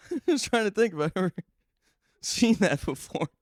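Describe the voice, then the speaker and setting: A man's voice: high-pitched, sing-song, unhurried, no room sound, clean studio sound. Joking Philly guy laughing on a podcast. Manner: joking, laughs often, swears freely. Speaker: podcast co-host. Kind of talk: casual chat. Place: studio.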